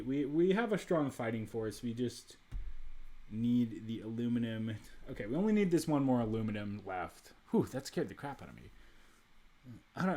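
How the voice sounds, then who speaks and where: A man with a medium-pitched, somewhat dark voice plays a strategy game and gives casual let's-play commentary. He thinks out loud, often restarting his sentences and wandering into asides.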